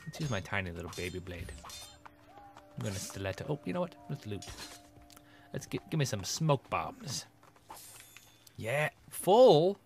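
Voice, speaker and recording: Lively grumbling male gamer. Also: fairly low pitch, measured pace, pauses often, over music. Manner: grumbling, sarcastic, talks to the audience. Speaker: let's play gamer. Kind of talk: gameplay commentary.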